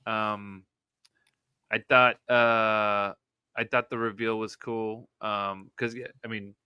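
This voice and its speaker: A man's voice: fairly low pitch, level tone, slow, smooth, no room sound, dull audio. A man co-hosting a podcast, talking in a laid-back, hesitant casual way. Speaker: podcast co-host. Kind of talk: casual chat.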